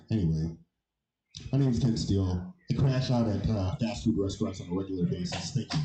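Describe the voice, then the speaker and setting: A man doing a stand-up set, telling stories loudly and animatedly with shouted quotes. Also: deep voice, a little fast, echoey room, slight background noise, rough recording. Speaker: stand-up comedian.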